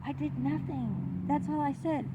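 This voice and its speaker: A middle-aged woman vlogger telling a personal story in an indignant, animated, exclaiming way. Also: high-pitched, measured pace, very noisy. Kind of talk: confessional storytelling to camera.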